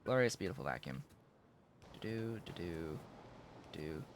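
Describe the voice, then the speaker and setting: A man's voice: deep voice, lively intonation, unhurried, slight background noise. A man streaming a factory-building game, mumbling casual commentary to himself while his voice is going. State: losing his voice.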